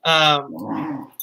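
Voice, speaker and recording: A woman hosting a casual interview who asks questions in halting, self-interrupting bursts. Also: low-pitched, vocal fry, sharp tone, slight background noise. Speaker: interview host.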